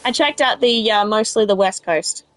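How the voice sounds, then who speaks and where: A woman with a South Australian accent plays a game and chats casually with viewers, rambling and answering live chat as a let's play streamer. Her mid-range voice moves at normal speed, with no room sound and faint music behind.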